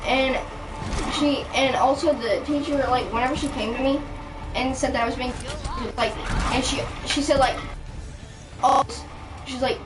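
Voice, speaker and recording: This storytime vlogger's high voice holds a steady tone at normal speed, and she pauses often. Her casual rant is indignant and rambling, full of restarts and fillers. The recording catches her from afar, with clear background music and background noise.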